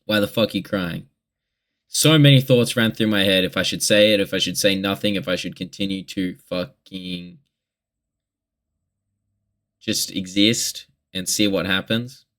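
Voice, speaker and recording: Young Aussie male vlogger with a lowish voice, rambling and swearing through a candid confessional. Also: measured pace, fairly bright tone. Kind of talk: casual confessional monologue.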